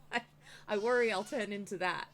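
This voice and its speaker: A woman's voice: mid-range voice, normal speed, a bit bright, a little hiss or hum. An Australian woman streaming a game, chatting casually with a giggly, self-mocking manner. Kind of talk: casual chat while playing.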